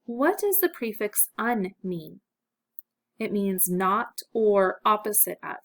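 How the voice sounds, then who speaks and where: A woman teaching a phonics lesson to children, speaking clearly and encouragingly. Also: mid-range voice, big pitch swings, slow pace, fairly bright tone.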